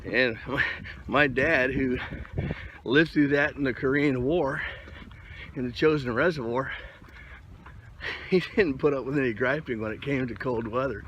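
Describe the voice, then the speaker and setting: A man's voice: mid-range voice, measured pace, long pauses, a bit bright, muffled recording. A middle-aged man from Colorado talking casually while walking his dog in a park, rambling and folksy with plenty of fillers, recorded on a handheld phone. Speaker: vlogger leading a rucking group. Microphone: handheld phone camera. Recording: outdoor phone recording with background noise.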